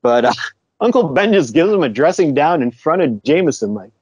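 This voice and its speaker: A man's voice: fairly high pitch, sing-song, fairly quick, a little mellow, breathy edge, dry recording, highs cut off. A man co-hosting a podcast, retelling a comic book story in loose, casual chat, chuckling often and swearing now and then. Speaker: podcast co-host.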